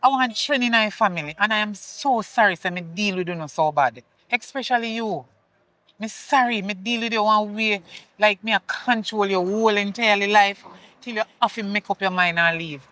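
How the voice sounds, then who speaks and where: A woman's voice: medium pitch, moderate pace, pushed and bright, no room sound, lightly acted, low-quality recording. A woman with a Jamaican accent playing a remorseful mother who pleads with her daughter in patois. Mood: remorseful pleading. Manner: pleading, apologetic, speaks in patois. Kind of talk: film acting.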